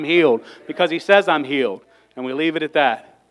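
Fervent higher-voiced man preaching. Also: normal speed, low-quality recording. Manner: fervent, gets worked up, sighs and exclaims between points. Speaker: lay preacher. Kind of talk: emotional sermon.

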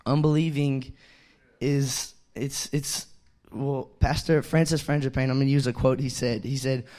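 A young man delivers a loose, conversational sermon. He strings thoughts together with fillers and restarts, then pushes louder when he lands a point. His voice sits at an ordinary middle pitch. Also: fairly even intonation, unhurried. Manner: loose and chatty, many fillers, swells louder on key points. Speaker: young preacher. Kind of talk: casual sermon.

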